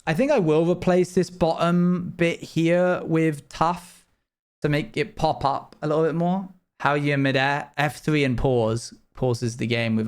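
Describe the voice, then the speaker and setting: A man's voice: fairly high pitch, smooth. A young man streaming live, chatting casually with his viewers while he plays, rambling and often restarting his sentences. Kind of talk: casual livestream chat while playing.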